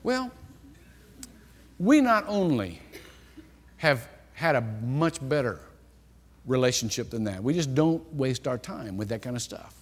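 A middle-aged man preaching a sermon, telling stories with lively acted-out dialogue. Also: medium pitch, unhurried, long pauses. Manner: animated storytelling, acts out quoted dialogue. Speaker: pastor. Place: church sanctuary. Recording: long hall reverb.

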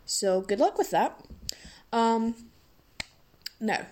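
A woman's voice: on the high side, lively intonation, extremely slow, darkish tone. Rambling sleep-deprived woman in her twenties. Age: 20s. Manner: rambling, self-mocking, dramatic asides. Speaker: podcast host. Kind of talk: solo casual rant.

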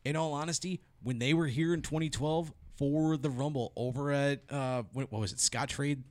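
A man's voice: on the high side, steady tone, normal speed. A man co-hosting a casual podcast, opinionated and emphatic, swearing casually as he makes his points. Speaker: podcast co-host.

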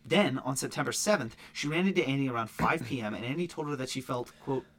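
A man co-hosting a casual true-crime podcast, reading case notes aloud with quick asides. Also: mid-range voice, fairly bright tone. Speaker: podcast co-host.

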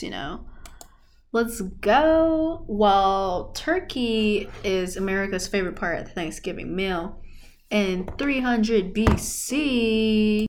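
A woman's voice: medium pitch, slight background noise. A young woman hosting a podcast, rambling in a laid-back, slangy way with lots of fillers. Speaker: podcast host. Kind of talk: casual rambling monologue.

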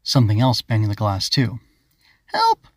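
A man narrating his own children's story as an audiobook, in a calm, even storytelling manner. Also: lowish voice, normal speed, dry recording, studio quality. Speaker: author and narrator.

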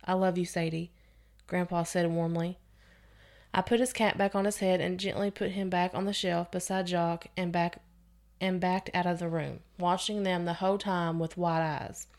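A woman's voice: lowish voice, fairly even intonation, moderate pace, darkish tone. A woman hosting a podcast, reading a scary story aloud with expression and sometimes restarting a phrase. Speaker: podcast host reading stories.

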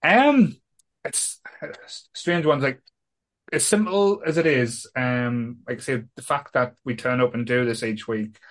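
A man's voice: medium pitch, a little slow. A man co-hosting a casual group chat, rambling, restarting and swearing a lot. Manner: rambling, repeats himself, swears. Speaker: co-host.

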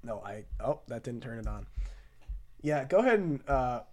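Male podcast host, rambling jokes, lively pitch, casual banter. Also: normal speed. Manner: rambling, joking, often trailing off.

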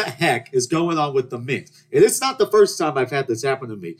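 A man's voice: medium pitch, big pitch swings, a little fast, a bit bright. Rambling young man telling stories. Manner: rambling, joking, with restarts and mock-outraged rants. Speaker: podcast host. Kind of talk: casual storytelling monologue.

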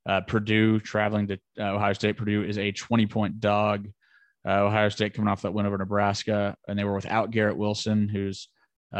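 A man co-hosting a casual sports podcast, talking through game picks in a relaxed way with lots of fillers and restarts. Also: fairly low pitch, no room sound. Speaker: podcast co-host. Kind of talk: casual sports betting chat.

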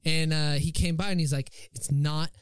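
A man's voice: a little high, moderate pace, clear, resonant tone, no room sound. A young man chatting casually on a podcast, telling a story with lots of swearing and acted-out quotes. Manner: animated, swears a lot, acts out quotes. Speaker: podcast co-host.

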